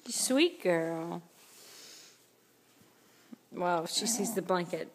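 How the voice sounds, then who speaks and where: A woman's voice: on the low side, lively intonation, drawn-out words. A woman at home calling to her dogs in a coaxing voice and laughing often, captured on a noisy home video. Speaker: pet owner filming her dogs. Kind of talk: casual home video chat. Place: at home indoors.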